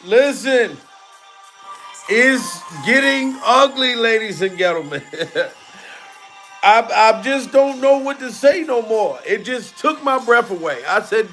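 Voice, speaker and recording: Brief: high-pitched male comedian, slow drawl, laughs and curses, faint music behind. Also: expressive, a bit bright. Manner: drawn-out, laughs often, swears freely. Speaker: comedian commentator. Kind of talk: casual gossip commentary.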